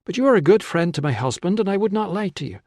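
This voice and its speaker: A man's voice: high-pitched, big pitch swings, fast, a little mellow, dry recording, clean studio sound, voice pushed up. A man voicing a determined, insistent young woman. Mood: earnest. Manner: insistent and commanding. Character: determined, urgent young wife in ancient Rome.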